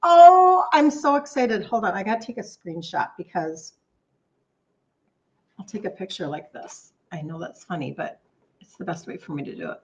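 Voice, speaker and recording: A woman in her fifties, a health coach chatting warmly and excitedly with viewers on a live stream, reading out their comments. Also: fairly low pitch, normal speed, pauses often. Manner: bubbly, gushing, reads out viewer comments. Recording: slightly dull lo-fi stream audio.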